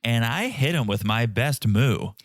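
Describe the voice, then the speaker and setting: A man's voice: mid-range voice, animated, measured pace, no echo, clean studio sound. A man in his thirties from Connecticut, co-hosting a casual podcast chat in a playful, jokey way. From Connecticut, USA. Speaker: podcast co-host.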